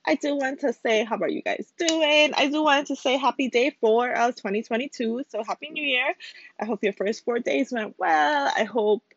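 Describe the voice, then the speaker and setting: Joking woman, slightly high voice. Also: normal speed. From Caribbean. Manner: joking, rambling, with apologetic asides. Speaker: podcast host. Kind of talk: casual solo podcast chat. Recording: dull lo-fi home recording, dry.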